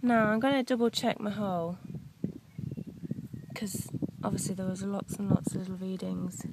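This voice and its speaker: A woman chatting excitably while metal detecting outdoors in a farm field, often dropping her voice to a hushed whisper. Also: medium pitch, normal speed, background noise. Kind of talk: casual outdoor commentary.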